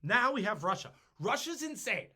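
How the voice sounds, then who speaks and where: A man hosting a casual history podcast, telling the story in an animated, jokey way. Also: sits high, normal speed, husky. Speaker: podcast host.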